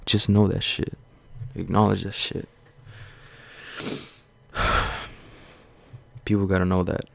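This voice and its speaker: Gravelly low-voiced man ranting bluntly. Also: monotone, slow pace, a bit bright, dry recording. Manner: blunt, profane, rambling and repetitive; earnest, reassuring. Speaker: vlogger. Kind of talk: casual motivational rant to camera.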